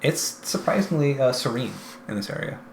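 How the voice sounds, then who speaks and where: A man narrates a tabletop game as its game master, in a relaxed, halting manner that pauses on fillers. His pitch sits at a middling height for a man. The recording carries a roomy echo with a faint hiss behind it. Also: creaky.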